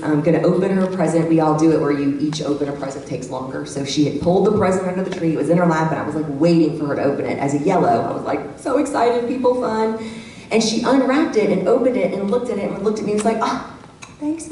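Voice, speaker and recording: Woman, middle-aged, workshop speaker, animated, distant mic in a roomy church hall. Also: low-pitched, fast talker. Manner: animated, acts out quoted voices. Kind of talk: lively talk to a live audience. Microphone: handheld microphone. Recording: echoey hall from far off, faint background hum.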